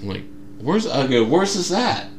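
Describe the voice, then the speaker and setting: His voice is on the high side at normal speed, with slight hiss or hum in the audio. A young man co-hosting a casual podcast, he tells a lively story and acts out its quotes.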